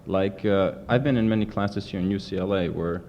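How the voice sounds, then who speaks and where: Lowish man asking from the audience. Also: a little fast. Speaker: audience member asking questions. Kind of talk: spoken question from the audience. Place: university lecture event. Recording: muffled old archive tape with faint hiss.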